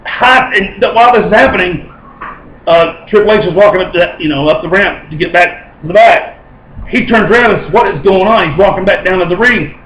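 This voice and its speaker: Excited high-voiced man vlogging. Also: a little fast, roomy sound, low-quality recording. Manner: excitable, rambling, self-correcting. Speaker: vlogger reviewing wrestling. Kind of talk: excited casual review.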